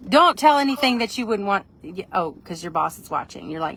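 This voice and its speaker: Chatty woman hosting a phone live stream, rambling and excitable, mid-range voice over faint noise. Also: medium pitch, brisk. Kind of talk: casual live video chat. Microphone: phone camera.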